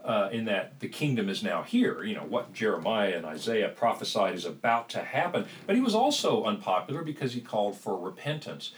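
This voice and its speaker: A man's voice: fairly low pitch, big pitch swings, fairly quick, few pauses, distant mic, slight background noise, poor audio. A man talking as a guest on a podcast, earnest and reflective, a little rambling. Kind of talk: podcast conversation.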